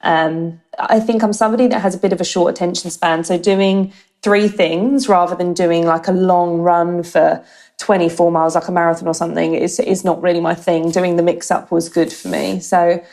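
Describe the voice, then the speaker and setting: A woman's voice: fairly low pitch, flat delivery, normal speed, darkish tone. Chatty English woman on a video call. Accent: English, slight Australian lilt. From United Kingdom. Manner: chatty, many fillers like um and yeah. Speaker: guest, marketing director. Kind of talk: casual interview chat.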